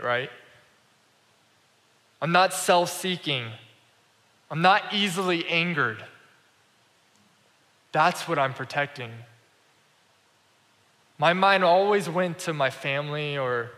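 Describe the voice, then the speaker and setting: A man's voice: fairly high pitch, sharp tone. A man giving a sermon, telling a personal story in a conversational way and acting out the dialogue. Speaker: pastor. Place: church sanctuary. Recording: reverberant church hall.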